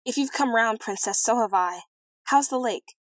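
A woman's voice: fairly high pitch, moderate pace, no room sound, natural voice. A woman doing a cheerful young prince. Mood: eager.

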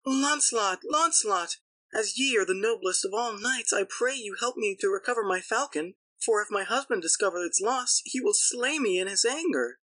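A man reading an audiobook, voicing a frightened young lady who pleads for help in a high voice. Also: normal speed, sharp tone, no echo, rough recording. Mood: pleading.

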